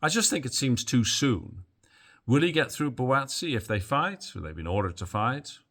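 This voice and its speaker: A man's voice: mid-range voice, lively intonation, moderate pace, a bit bright. A man hosting a boxing news channel, giving casual, opinionated commentary to camera with plenty of fillers and asides.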